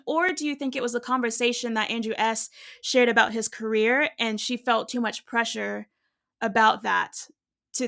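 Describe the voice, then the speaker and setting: A woman's voice: on the high side, creaky, fairly bright tone. A woman co-hosting a podcast in casual chat, talkative and musing aloud with long questions. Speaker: podcast co-host.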